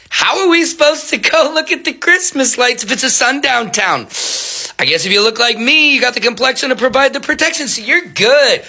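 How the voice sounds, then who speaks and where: A man's voice: very high voice, expressive, a little fast, sharp tone. A man giving direct-to-camera commentary as a social media commentator, exclaiming and firing questions at his viewers.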